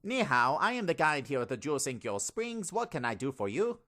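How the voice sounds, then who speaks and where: A put-upon, formal springs guide with a bright, ringing tone, played by a voice actor. His pitch leaps far up and down as he grumbles and greets people in a fan radio play. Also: big pitch swings, normal speed. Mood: polite. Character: fussy male guide at magic springs.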